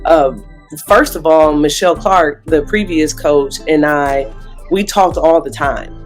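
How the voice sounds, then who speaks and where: A woman's voice: deep voice, unhurried, soft background music. A woman in her forties, a basketball coach, giving earnest, reflective interview answers with easy laughs.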